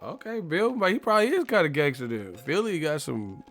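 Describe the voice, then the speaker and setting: A man's voice: on the high side, huge pitch swings, brisk, fairly bright tone, soft background music. A man hosting a livestream, ranting comedically in a loose, profane way and laughing often. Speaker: livestream host.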